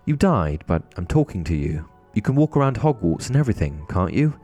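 A man's voice: low voice, sing-song, fairly quick, dark tone, faint music behind. A man voicing an angry, grieving teenage boy wizard who talks urgently and raises his voice.

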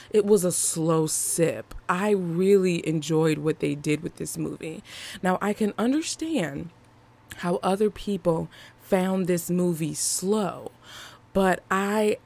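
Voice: mid-range voice, gravelly, darkish tone. A movie reviewer talking casually to viewers in a chatty, emphatic way, often repeating phrases for effect. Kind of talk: casual video commentary.

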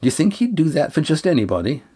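A man voicing a young woman who speaks in a gentle, reassuring way in an audiobook. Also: a little high, big pitch swings, fast, breathy edge, voice pushed up. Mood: tender. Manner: reassuring, coaxing. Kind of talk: audiobook character voice.

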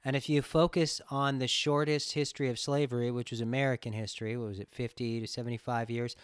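A man's voice: medium pitch, flat delivery, fast talker, smooth, no echo, studio quality. A man hosting a podcast, talking bluntly in a profane, ranting casual chat. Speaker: podcast host.

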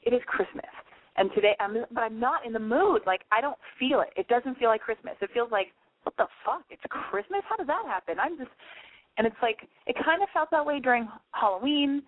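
A woman's voice: a little high, brisk, no echo. A woman hosting a casual talk show, rambling frankly and swearing as she asks listeners questions. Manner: chatty, rambling, frank and profane. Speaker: podcast host. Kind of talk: casual confessional monologue. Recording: tinny phone-line sound, dry.

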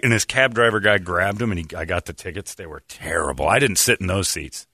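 A man's voice: sits low, fast, few pauses, pushed and bright, dry recording, studio quality. A middle-aged man hosting a casual talk show, telling stories and acting out the voices of the people in them. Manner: storytelling, acts out voices in anecdotes. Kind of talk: casual chat.

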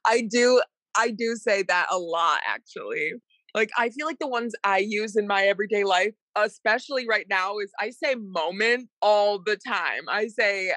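A woman's voice: mid-range voice, moderate pace, a bit bright, dry recording. A woman co-hosting a podcast, talking in an upbeat, enthusiastic way. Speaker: podcast co-host. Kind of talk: casual chat.

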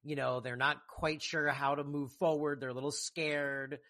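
Podcast co-host, casual recap chat, thoughtful, rambling, filler-heavy, mid pitch. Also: flat delivery, normal speed, bright, forceful tone.

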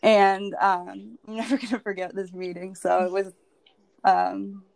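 A woman's voice: mid-range voice, flat delivery, unhurried, gravelly, a little mellow, no room sound. A woman sharing her personal story as a podcast guest, candid and emotional, with lots of "like" and "um.". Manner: candid and emotional, heavy with "like" and "um" fillers.

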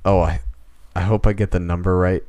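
A man co-hosting a podcast, chatting casually in a joking, animated way. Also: sits low. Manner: animated, joking, quick to laugh. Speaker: podcast co-host. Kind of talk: casual chat.

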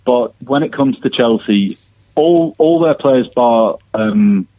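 A man's voice: medium pitch, animated, slow, dry recording. A man co-hosting a casual football podcast, easygoing and laughing along. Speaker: podcast co-host. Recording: tinny phone-like line, very dry.

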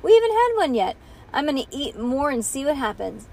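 Mom reading out a scheming little girl with big ideas, bit high and bright. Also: sing-song, a little fast, gravelly, heavily acted. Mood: eager. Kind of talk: reading aloud to a child.

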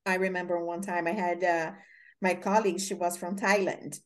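In a lowish voice with little pitch movement and a moderate pace, this Brazilian host, a native Portuguese speaker with a Brazilian accent, leads a casual interview. She tells meandering stories full of filler words.

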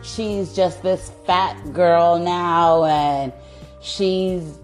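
A woman co-hosting a casual podcast, calmly retelling movie plot details. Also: fairly low pitch, drawn-out words, faint music behind. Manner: relaxed, agreeable, fills in plot details. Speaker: podcast co-host. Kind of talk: casual chat recapping a movie.

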